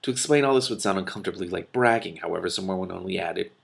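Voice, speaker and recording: A man's voice: low-pitched, fast, vocal fry, slight background noise. A man reading a fantasy novel aloud, casually, stumbling and restarting now and then. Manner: reads with restarts and slips, breaks into laughter. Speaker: reader of a novel with commentary. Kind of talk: casual read-aloud narration.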